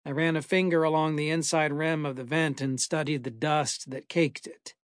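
A man reading a first-person horror story aloud in a measured, dramatic way. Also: fairly high pitch, level tone, dry recording, clean studio sound. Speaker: narrator. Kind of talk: scripted horror story narration.

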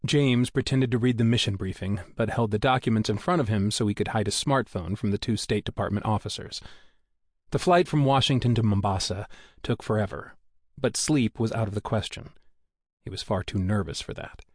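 Low-voiced man narrating a thriller audiobook. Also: fairly quick, no echo, clean studio sound. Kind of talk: scripted narration.

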